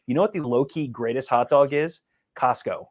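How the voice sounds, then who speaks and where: A man co-hosting a casual sports podcast. He tells stories in an animated, self-amused way, and his voice sits at a middle pitch. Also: normal speed. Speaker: podcast co-host.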